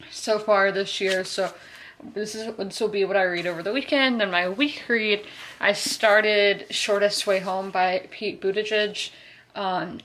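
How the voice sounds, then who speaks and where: A woman's voice: medium pitch, a bit bright, a little hiss or hum. Chatty young woman vlogging. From South Carolina, US. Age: 20s. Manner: chatty and rambling, many ums and likes. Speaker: book vlogger. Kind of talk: casual reading vlog chat.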